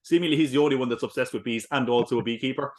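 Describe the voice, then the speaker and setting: Excitable Cork Irish man rambling. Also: medium pitch, very fast. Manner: excitable, rambling, swears, laughs a lot. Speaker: podcast co-host. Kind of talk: casual film review chat.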